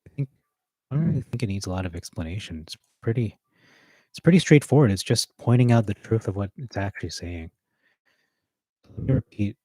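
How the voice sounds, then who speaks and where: Rehearsing a sermon, a preacher with a deep, low, husky voice and warm tone reads verses aloud, hesitating with fillers and correcting himself. The recording is dry and close, without any room echo.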